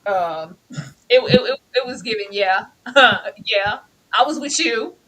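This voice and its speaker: A woman co-hosting a casual TV recap chat, animated, laughing often and acting out quotes. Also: on the high side, slow pace. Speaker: podcast co-host.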